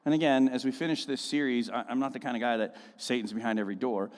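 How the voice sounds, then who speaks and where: A man preaching a sermon as a pastor, conversational and full of animated storytelling, in a church auditorium. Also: medium pitch, quick pace. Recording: echoey church hall.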